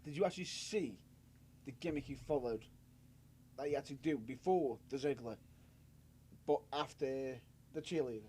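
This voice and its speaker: A man's voice: mid-range voice, moderate pace, long pauses, darkish tone, a little hiss or hum. A man co-hosting a wrestling podcast, laughing often and repeating himself as he talks. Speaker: podcast co-host. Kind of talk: casual wrestling chat.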